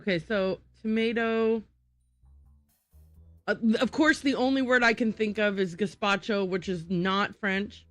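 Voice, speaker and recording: Slow-talking woman puzzling aloud on stream. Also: medium pitch, fairly even intonation, no room sound, soft background music. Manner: thinking aloud, muttering over word puzzles. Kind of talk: casual gameplay livestream.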